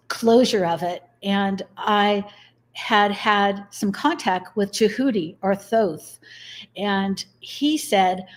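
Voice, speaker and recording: A middle-aged woman speaks as an interview guest. She tells personal stories earnestly, acting out the dialogue as she goes. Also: medium pitch. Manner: earnest, acts out quoted dialogue. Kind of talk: interview storytelling.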